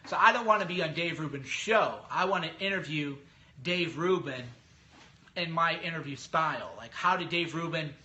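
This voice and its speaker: A man talking casually on his podcast, his voice pitched high and bright. He gets animated and slips into mocking impressions of other people as he goes. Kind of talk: casual monologue.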